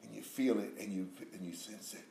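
A man preaching a sermon, swinging from loud calls down to near whispers. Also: fairly low pitch, a little fast, vocal fry. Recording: echoey room with faint noise.

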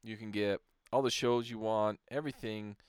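A man's voice: fairly low pitch, steady tone, normal speed, clean tone, dry recording, clean studio sound. A man co-hosting a podcast in casual chat, easygoing and agreeable, laughing often. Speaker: podcast co-host.

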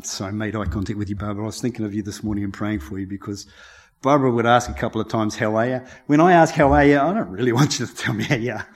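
Middle-aged kiwi guy telling his church a story, chatty, laughs a lot, gets a bit teary. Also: lowish voice. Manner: warm, chatty, laughs often, emotional. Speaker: lay preacher. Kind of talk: personal testimony before a sermon.

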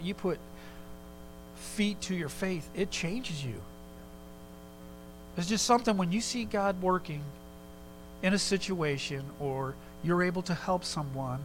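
A man preaching a sermon in a relaxed, conversational way, telling a personal story with quick asides. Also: on the high side, a little hiss or hum, low-quality recording. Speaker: pastor.

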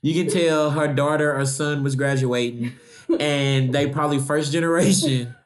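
A man's voice: a little high, steady tone, normal speed. American guy hosting a chill podcast, jokey and swears a lot, just riffing. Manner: loose, joking, profane storytelling. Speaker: podcast host. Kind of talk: casual chat.

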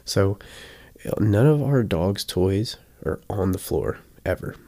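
Male dog trainer, deep and gravelly, easygoing teaching style with lively acted-out examples. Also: unhurried. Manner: chatty, often checks in with "right?"; acts out examples with sudden bursts. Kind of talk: casual teaching talk.

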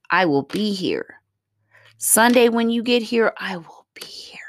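Woman, deep voice, gravelly, blunt profane venting, casual vlog monologue. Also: dry recording, studio quality. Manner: blunt, profane, rambling with many fillers. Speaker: mother vlogging about her day.

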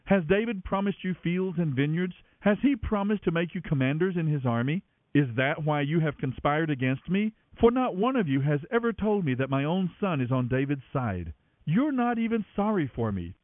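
A man's voice: on the high side, expressive, normal speed, no room sound, close to an everyday voice. A man reading a furious accusing king. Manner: shouting accusations. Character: furious suspicious male king. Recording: tinny narrow-band radio, dry.

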